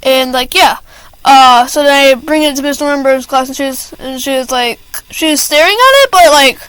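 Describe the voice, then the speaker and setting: A woman's voice: high-pitched, normal speed, a bit bright, dry recording, low-quality recording. A teenage girl ranting to camera about school, rambling with lots of fillers and restarts and stopping to apologize. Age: teens. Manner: apologetic asides. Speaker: student venting to camera. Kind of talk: casual rant.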